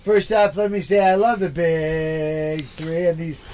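Jokey man with a higher voice. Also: little pitch movement, unhurried, a little mellow, slight background noise. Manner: jokey, does mock ad reads. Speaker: podcast co-host. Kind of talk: comedic podcast banter.

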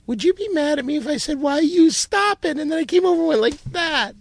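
A woman's voice: sits high, expressive, fairly quick, gravelly. A woman voicing a brash, crude bachelorette asking contestants questions. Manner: blunt, crude.

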